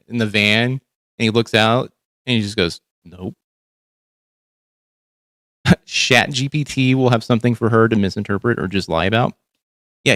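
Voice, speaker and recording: A man's voice: medium pitch, fairly bright tone, no room sound. Man, livestream host, casual reaction chat, profane, rambling, dry close sound. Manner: blunt, profane, rambling with restarts.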